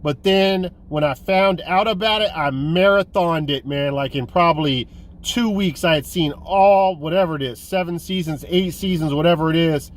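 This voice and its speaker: A man hosting a casual collecting vlog, excited and rambling, swearing now and then. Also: fairly high pitch, moderate pace. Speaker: host of a physical media collecting vlog.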